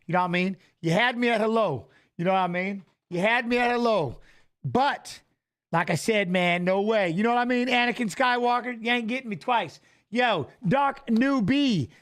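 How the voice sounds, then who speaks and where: A man hosting a casual live stream, greeting viewers by name and talking excitedly, often saying things twice. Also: extremely high pitch. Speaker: livestream host reading chat.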